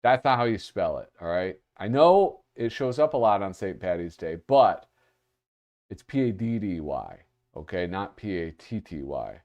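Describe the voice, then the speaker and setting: A man's voice: deep voice, sing-song, normal speed, a little mellow. A man hosting a livestream, chatting casually as he flips through art. He gets distracted easily and reads out chat comments. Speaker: livestream host.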